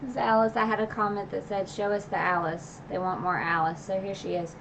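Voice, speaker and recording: Recapping the last chapters of a novel on her book channel's casual livestream, a woman chats brisk and steady in a low-leaning voice with vocal fry. She fills her talk with filler words and retells scenes with emotional asides and laughs. The audio is dull lo-fi stream quality, and the background is noisy.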